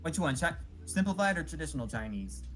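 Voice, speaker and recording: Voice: medium pitch, very animated, brisk. A stream guest in casual live chat, playful and jokey. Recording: clear music behind.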